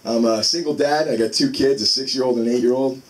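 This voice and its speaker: A man's voice: medium pitch, fast talker. A man in his thirties doing a casual stand-up comedy set, telling self-deprecating stories about his kids. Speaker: stand-up comic. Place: small live comedy venue. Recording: distant mic in a noisy room.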